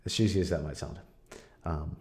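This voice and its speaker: A young man hosting a podcast, sharing a candid personal testimony in a casual, conversational way with frequent fillers and soft laughs. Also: very deep voice, steady tone, normal speed. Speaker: podcast host.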